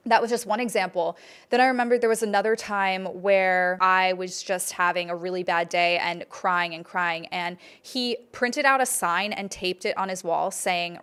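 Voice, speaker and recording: A woman's voice: mid-range voice, a bit bright, clear, resonant tone. Young woman host, candid solo monologue, blunt and emphatic, curses freely. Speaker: podcast host.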